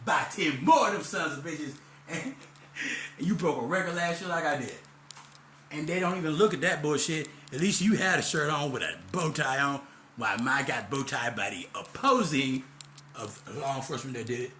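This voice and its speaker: A man's voice: medium pitch, lively intonation, brisk, reverberant, slight background noise. A man ranting to the camera in a rambling, angry, profane monologue. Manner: loud and heated in the second half. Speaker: vlogger.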